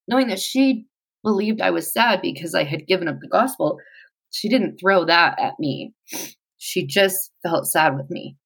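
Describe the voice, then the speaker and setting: A woman in her forties telling her personal story in an interview, reflective and halting, with pauses. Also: lowish voice, fairly bright tone, rough recording.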